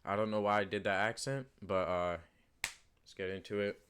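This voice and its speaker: Low-voiced man rambling through fight picks. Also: steady tone, normal speed, fairly bright tone, a little hiss or hum. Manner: rambling, many fillers and restarts, emphatic repeats. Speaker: channel host giving fight predictions. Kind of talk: casual unscripted commentary.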